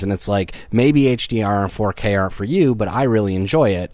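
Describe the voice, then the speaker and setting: Animated podcast co-host man, dry close sound. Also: fairly low pitch, a little fast, hardly any pauses, no echo. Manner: animated, swears casually, mocks others in a put-on surfer voice. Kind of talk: casual podcast chat.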